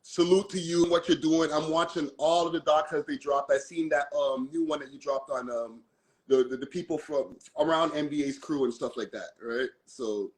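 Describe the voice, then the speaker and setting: A man's voice: a little high, steady tone, moderate pace, low-quality recording. A man from Toronto with a Toronto accent, chatting easygoingly as a guest on a live stream and using slang like "fam" and "bro". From Toronto, Canada. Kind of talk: casual chat on a live stream.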